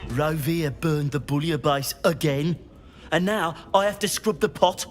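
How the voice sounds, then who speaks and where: A man's voice: fairly high pitch, a little slow, a little hiss or hum, close to an everyday voice. An actor voicing a put-upon young kitchen assistant who grumbles about his chef, in a game. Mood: grumbling.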